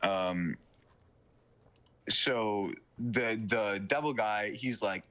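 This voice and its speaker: A man's voice: on the low side, drawn-out words, long pauses, fairly bright tone. A young man in casual chat, retelling a film plot in a rambling way full of fillers and swearing.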